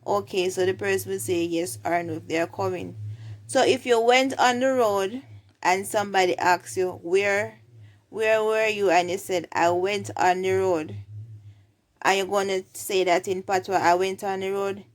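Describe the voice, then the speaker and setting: A woman's voice: medium pitch, unhurried. A woman with a Jamaican accent teaching everyday phrases, saying each example twice. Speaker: language teacher.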